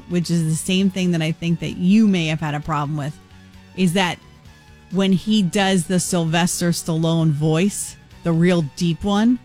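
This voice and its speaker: A woman's voice: on the low side, darkish tone. A woman co-hosting a talk show, chatting enthusiastically in a TV studio. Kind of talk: casual studio chat.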